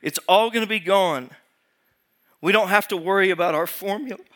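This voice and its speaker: A man preaching a sermon as pastor, posing rhetorical questions to the congregation and swinging from raised emphasis to hushed, slow lines. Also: high-pitched.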